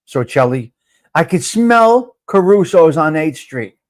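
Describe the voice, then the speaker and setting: Loud, cursing host. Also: male voice, a little high, sing-song, slow pace. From North Jersey. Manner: loud, profane, talks to viewers by name. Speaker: live show host. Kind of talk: casual live-stream chat.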